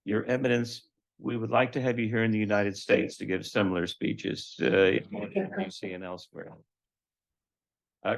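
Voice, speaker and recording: A man with a lowish voice hosts a lecture event, giving a measured, formal introduction of a guest speaker with light humorous asides. The audio quality is poor.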